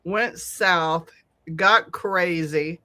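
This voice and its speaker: Bright-voiced woman telling a story. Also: on the low side, very slow. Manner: animated, profane storyteller who laughs often. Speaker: podcast co-host. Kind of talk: casual storytelling chat.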